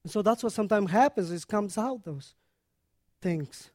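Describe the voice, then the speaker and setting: A preacher teaching on a scripture passage in an earnest, unhurried way, pausing often to explain. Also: medium pitch, animated, a little mellow, no echo, studio quality.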